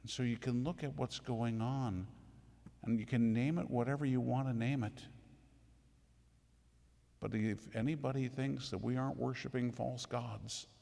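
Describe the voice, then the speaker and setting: A man's voice: mid-range voice, fairly even intonation, normal speed, creaky, warm tone. A man preaching a sermon, emphatic and full of rhetorical questions, in a church. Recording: echoey hall with long reverb.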